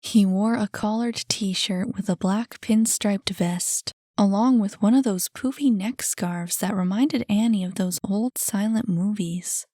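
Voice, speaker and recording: Woman audiobook narrator, even and matter-of-fact, close dry recording. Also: medium pitch, unhurried, few pauses, no room sound. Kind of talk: reading a novel aloud.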